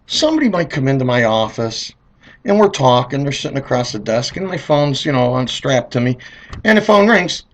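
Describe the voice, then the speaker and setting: A middle-aged man telling comedic stories in a rambling, animated way, acting out voices. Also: mid-range voice, normal speed. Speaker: car dealer telling stories. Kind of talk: comedic monologue.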